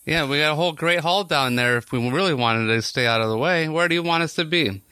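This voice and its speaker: Man tabletop player, forceful bright tone, very dry recording, wry. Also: on the high side, quick pace, clear, resonant tone, no echo. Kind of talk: casual tabletop play.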